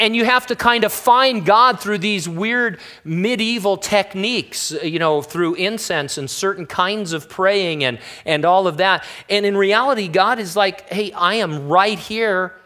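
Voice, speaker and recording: A man, a pastor, preaching a sermon in a relaxed, conversational way with wry, joking asides. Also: a little high.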